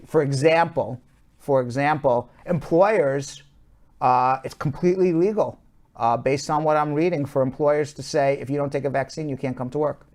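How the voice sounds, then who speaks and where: A man's voice: fairly high pitch, moderate pace, darkish tone. A man with a Long Island accent hosting a live show, running through the news in a chatty, loose way with fillers and restarts. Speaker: show host and attorney.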